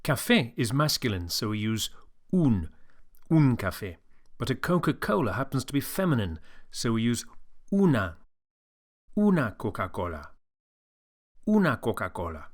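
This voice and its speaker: A man teaching a beginner language lesson, modelling each word slowly and clearly for the learner to repeat. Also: medium pitch, big pitch swings.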